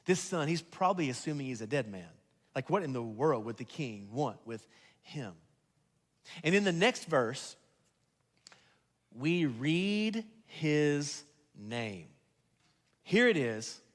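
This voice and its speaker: Animated preacher man, hall reverb. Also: fairly high pitch, slow, pauses often. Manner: animated preaching, swinging from loud emphasis to hushed tones. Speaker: pastor. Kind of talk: sermon. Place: church sanctuary.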